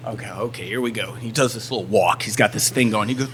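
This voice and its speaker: A man's voice: fairly low pitch, normal speed, hardly any pauses, slight background noise. A man in a casual podcast chat, telling a story and acting out the other people in it. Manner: animated storyteller, acts out other people's lines. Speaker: touring band musician, guest.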